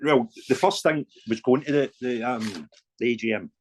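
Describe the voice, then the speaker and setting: Scottish male fan campaigner, chatty storyteller, animated delivery. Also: mid-range voice, moderate pace, a little hiss or hum. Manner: animated anecdotes with voiced dialogue and laughs. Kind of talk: casual storytelling interview.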